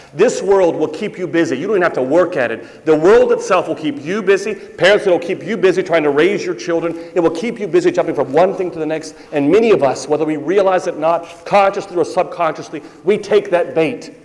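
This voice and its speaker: A middle-aged man preaching in a church, his voice a little higher than most men's. He tells stories in a relaxed, conversational way and drives his points home with repeated phrases. The sound carries a long reverb from the hall. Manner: storytelling, conversational preaching with emphatic repetition. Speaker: priest. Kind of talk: sermon. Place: church sanctuary.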